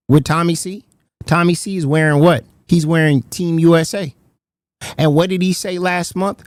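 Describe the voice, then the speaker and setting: A man giving animated commentary on stream clips, excitable and laughing, at times shouting. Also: high-pitched, no echo.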